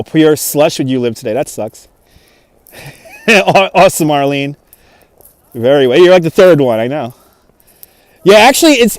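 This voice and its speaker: Here a livestream host with a New York accent walks and talks through a snowy park outdoors, laughing often, chatting and reading viewer comments aloud into a phone camera on a gimbal. His voice runs on the high side, captured dry.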